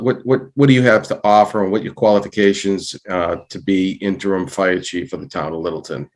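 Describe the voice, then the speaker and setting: A man with a low voice runs a town board meeting in a polite, procedural way. He introduces members and explains the order of business. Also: a little mellow. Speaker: town administrator. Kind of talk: chairing a public meeting.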